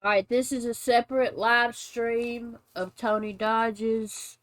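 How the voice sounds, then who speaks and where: A woman talks over drama clips, unhurried and clearly irritated, her voice sitting right at the microphone in a dry, deadened space. She has a middle-range voice and a measured commentator's delivery. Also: fairly high pitch, steady tone, dry recording. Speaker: YouTube commentary host.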